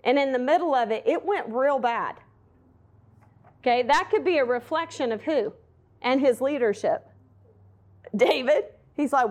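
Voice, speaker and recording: A woman's voice: a little high, moderate pace. A woman preaches a Bible message. She talks candidly and conversationally, often turning to ask her listeners questions. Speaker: Bible teacher. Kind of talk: sermon.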